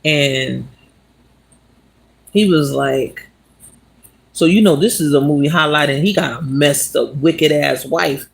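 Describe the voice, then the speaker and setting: A vlogger casually retelling a movie plot while walking outdoors, talking in an animated, slangy way and laughing as they go. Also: medium pitch, takes it slowly, creaky, pauses often. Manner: animated, slangy, laughs as it talks, asks "you understand?". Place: outdoors on city streets.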